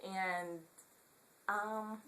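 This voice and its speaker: Speaking very slowly in a medium-pitched voice, a young woman from Southern California vlogs in a relaxed, rambling manner full of ums. Her voice sounds congested and nasal, with a Southern Californian accent. Background noise can be heard.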